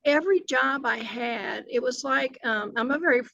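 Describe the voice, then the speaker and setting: Gravelly older woman. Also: high voice, moderate pace, fairly bright tone, dry recording, lo-fi sound. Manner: earnest, many fillers and restarts. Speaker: retired foster care agency director. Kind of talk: reflective interview answers.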